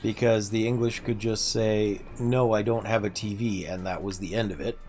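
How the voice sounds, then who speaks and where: A man's voice: fairly even intonation, moderate pace, a little mellow, slight background noise. A man casually chatting with his chat during a gameplay livestream, joking and muttering to himself while he plays. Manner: drops to low muttering when focused on the game. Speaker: streamer.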